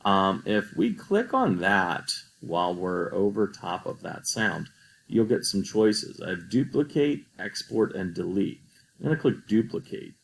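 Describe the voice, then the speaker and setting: A man's voice: low-pitched, big pitch swings, a little slow, creaky, slight background noise, poor audio. A man teaching a coding tutorial over a screen recording, patient and explaining each step.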